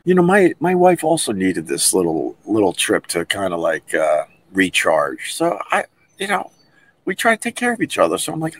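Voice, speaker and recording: A middle-aged man hosting a podcast, telling stories in a casual livestream chat and acting out whispered and loud impressions. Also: fairly high pitch, normal speed, breathy edge. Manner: animated storyteller who acts out whispered and loud impressions. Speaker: podcast host.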